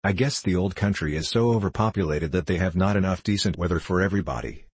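A man doing a calm, dry-witted diplomat. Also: sits low, fast, slightly rough, dry recording. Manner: calm, matter-of-fact. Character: calm, dryly witty middle-aged American diplomat.

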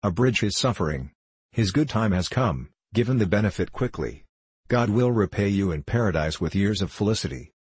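A man voicing a courteous, quietly scheming bishop in an audiobook, speaking politely and coaxingly. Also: lowish voice, expressive, normal speed, husky, no echo. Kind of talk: audiobook dialogue reading.

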